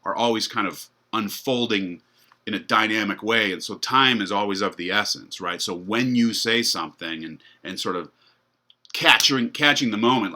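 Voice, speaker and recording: Middle-aged male professor, casual lecture, low voice with a crisp bright edge. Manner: conversational, many fillers and restarts. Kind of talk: university lecture.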